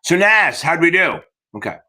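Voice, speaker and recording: A man hosts a livestreamed exam-prep Q&A, rambling off on tangents and swearing freely while he hypes up his students. His voice sits a bit high and swings widely in pitch. The tone is bright and forceful. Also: very animated, normal speed, a little hiss or hum. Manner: profane, rambling, hyped-up cheerleading. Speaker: exam prep tutor hosting a live Q&A. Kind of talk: livestream Q&A chat.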